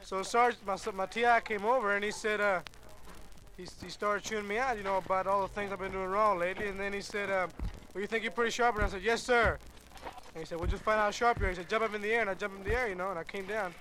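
Quick, bright-voiced male recruit. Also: high voice, steady tone, slight background noise. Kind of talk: casual anecdote.

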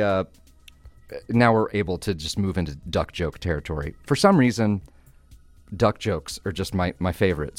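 A man's voice: low voice, no room sound. A middle-aged man hosting a radio call-in joke show, playful and enthusiastic as he tells stories.

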